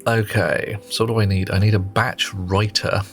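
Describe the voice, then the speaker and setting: A man's voice: fairly low pitch, level tone, moderate pace, a bit bright, soft background music. A man streaming a game, chatting playfully and teasingly with his viewers and muttering to himself as he works. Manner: talks to himself while working. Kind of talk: casual live-stream chat while playing.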